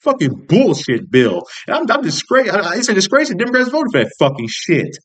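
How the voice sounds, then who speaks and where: A young American man, a vlogger, delivers an angry political commentary rant, swearing constantly, restarting sentences and rambling in frustration. His voice sits high with huge pitch swings, is a bit bright, and moves fairly quickly.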